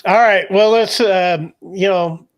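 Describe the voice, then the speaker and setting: A young adult man co-hosting a casual podcast, excitable and chatty, calling his friend dude and man. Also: sits high, slow, no echo, studio quality. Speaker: podcast co-host. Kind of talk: casual chat.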